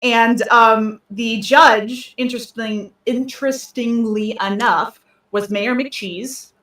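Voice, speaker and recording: A woman's voice: a little high, fairly even intonation, slow, a bit bright, distant mic. A woman co-hosting a casual podcast chat, rambling with many ums and restarts. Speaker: podcast co-host. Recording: roomy sound, voice off-mic.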